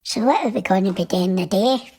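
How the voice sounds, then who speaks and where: A man's voice: high-pitched, a little mellow, husky, pitched above the performer's own voice. Man putting on a cheeky Martian. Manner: cheeky, quick to anger. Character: hot-tempered male Martian guest.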